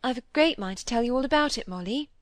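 A woman's voice: fairly high pitch, expressive, quick pace, no room sound, pitched above the performer's own voice, natural voice. Woman reading a troubled, secretive young lady.

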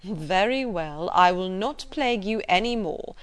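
Audiobook: woman reads grave, frank middle-aged gentleman, firm and measured, mid pitch. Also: lively intonation, smooth, lightly acted. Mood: earnest. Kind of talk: audiobook character reading.

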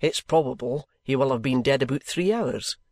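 A blunt, testy doctor speaks in a broad Scottish brogue, as a male narrator puts him on. He sounds gruff and matter-of-fact, recorded close and dry. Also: medium pitch, normal speed, a little mellow, no room sound, close to an everyday voice.

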